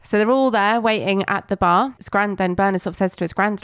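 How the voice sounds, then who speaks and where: A woman's voice: mid-range voice, fast, fairly bright tone, smooth, dry recording, studio quality. A woman co-hosting a podcast, casually recapping a TV episode and acting out the characters' lines as she goes. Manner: chatty storyteller, acts out character lines. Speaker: podcast co-host.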